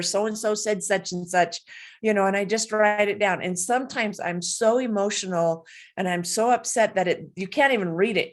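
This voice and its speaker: A middle-aged woman coach answering interview questions, earnest and animated, telling personal stories with light laughs. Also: mid-range voice. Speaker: guest, coach and speaker.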